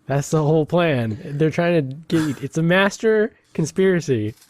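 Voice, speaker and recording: A man co-hosting a podcast, cracking deadpan jokes in casual chat. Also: fairly high pitch, normal speed, slight background noise. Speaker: podcast co-host.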